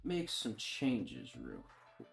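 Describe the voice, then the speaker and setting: A male streamer chats loosely with his viewers while drawing, trading slangy jokes and breaking into laughs. His pitch swings widely as he teases, then drops low while he focuses. Soft music plays faintly behind him. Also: huge pitch swings, slow, gravelly. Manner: joking, laughs often, slangy banter with chat.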